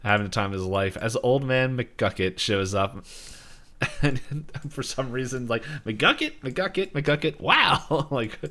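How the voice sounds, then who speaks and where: A man's voice: medium pitch, unhurried, fairly bright tone. A man co-hosting a podcast, casually recapping a cartoon episode, rambling, laughing often and acting out quotes. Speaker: podcast co-host.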